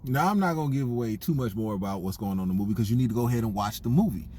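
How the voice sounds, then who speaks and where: A man giving a comedic, incredulous movie review in a joking, animated way. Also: medium pitch, rapid-fire.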